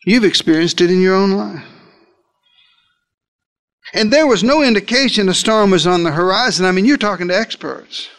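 A man's voice: high voice, expressive, normal speed, long pauses, a bit bright. A male preacher delivering a sermon, retelling scripture as a dramatic first-person story and speaking directly to his listeners.

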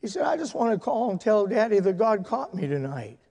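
A male pastor telling stories in a sermon, swinging from loud, excited shouting to hushed, tender speech. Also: high-pitched, a little fast, vocal fry, big-room sound. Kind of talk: sermon storytelling. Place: church sanctuary.

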